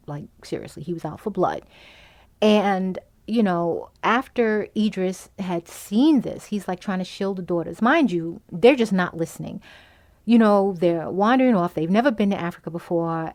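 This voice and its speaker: A woman's voice: lowish voice, a little slow, a little mellow. A woman hosting a podcast, giving a casual, chatty movie recap full of "you know" and "um", acting out the characters' lines as she retells the plot. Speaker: podcast host reviewing a movie.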